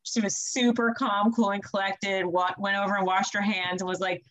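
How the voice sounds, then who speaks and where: A young woman, a student midwife, recounts a birth in a relaxed podcast interview. She is animated, laughs easily and brings the people in her story to life with her voice. Her pitch sits mid-range for a woman. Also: moderate pace, low-quality recording. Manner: animated, laughs often, acts out quotes with her voice.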